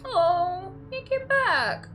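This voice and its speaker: A young woman streaming a game reads its text aloud in a high, sharp voice. Her reactions swing from flat and matter-of-fact to teary, with a lot of "like" and "literally" in her talk. Soft music plays quietly under her. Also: very slow. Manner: uses "like" and "literally" often. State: tearful at times. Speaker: let's play streamer.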